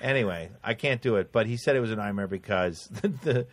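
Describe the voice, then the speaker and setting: A podcast host chats casually, his voice on the low side and his pace quick, with no echo in the recording. He's a profane, animated storyteller who swears a lot as he spins his tales.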